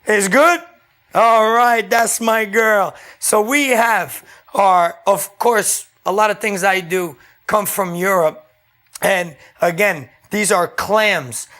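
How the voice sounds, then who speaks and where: A man's voice: sits high, takes it slowly, sharp tone. A man hosting a home cooking show, demonstrating a dish in a casual, chatty way and often checking in with "okay?". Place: home kitchen.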